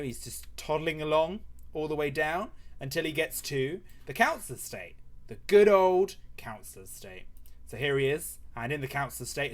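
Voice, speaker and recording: A man telling a comic story on a live stream while drawing, rambling with many fillers and swearing. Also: mid-range voice.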